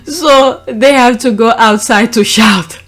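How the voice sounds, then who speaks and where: A woman's voice: fairly high pitch, slow pace, fairly bright tone. A middle-aged woman hosting a casual commentary show, chatty, often laughing and adding "okay?" asides. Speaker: commentary channel host.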